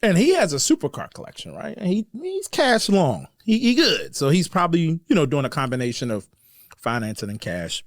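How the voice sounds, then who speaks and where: A man's voice: on the high side, no room sound, studio quality. A man, hosting a car podcast in casual, slangy chat and laughing often. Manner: animated, quick to laugh, slangy. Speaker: podcast host.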